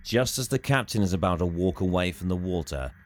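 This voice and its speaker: A man's voice: sits low, animated, fairly quick. A man co-hosting a comedy podcast, amused and easygoing, reading passages aloud. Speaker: podcast co-host.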